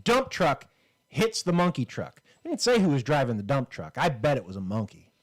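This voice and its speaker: A man's voice: medium pitch, huge pitch swings, normal speed. A man co-hosting a casual comedy podcast, rambling through jokes in a mid-range voice. He talks loosely and joking, with plenty of filler words. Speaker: podcast co-host.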